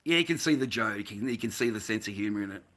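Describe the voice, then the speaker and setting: Talking very fast with lively intonation, an Australian man who makes masks goes on a casual, rambling rant during a home live stream. He curses nonstop and laughs a lot, and his low voice is a bit bright.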